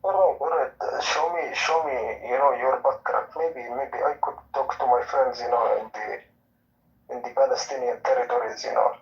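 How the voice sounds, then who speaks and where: A man's voice: medium pitch, fairly even intonation, moderate pace. A man trolling the other caller in a provocative, mock-sincere way, drawling with lots of fillers. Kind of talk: trolling online chat. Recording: distant lo-fi audio.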